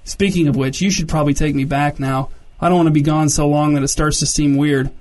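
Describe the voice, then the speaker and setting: A man voicing an eager, scheming teenage girl who lays out plans in a quick enthusiastic run. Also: fairly high pitch, steady tone, darkish tone, lightly acted. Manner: rapid, enthusiastic planning.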